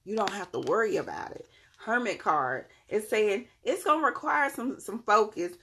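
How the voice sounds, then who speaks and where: Gravelly-voiced woman giving a tarot reading. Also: mid-range voice, moderate pace. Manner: animated, slangy and profane, laughing often. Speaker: tarot reader. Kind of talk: casual tarot reading to viewers.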